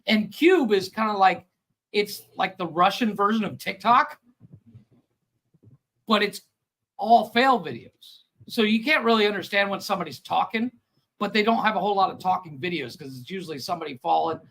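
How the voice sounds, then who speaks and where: High, gravelly-voiced man. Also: normal speed, fairly bright tone, poor audio. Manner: rambling, laughs through his stories, swears. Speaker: podcast co-host. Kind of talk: casual comedic chat.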